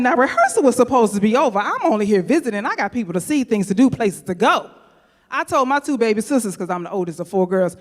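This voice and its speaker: A woman's voice: fairly high pitch, big pitch swings, brisk. A woman from St. Louis telling a personal story live, chatting straight to the audience. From St. Louis, USA. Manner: chatty, addresses the audience directly. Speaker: storyteller, speaker. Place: event venue stage. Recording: long hall reverb.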